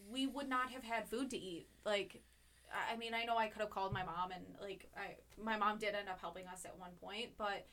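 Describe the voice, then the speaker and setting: A woman co-hosting a podcast in casual chat. She talks loudly, swears freely and laughs often. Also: mid-range voice, fairly even intonation, brisk, distant mic. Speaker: podcast co-host.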